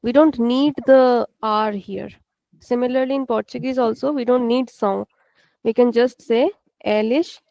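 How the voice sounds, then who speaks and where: A woman's voice: fairly high pitch, fairly even intonation, gravelly, dark tone, dry recording. A woman teaching an online language lesson, patiently correcting a student and spelling words out. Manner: patient, explains slowly, spells words out, switches into Hindi.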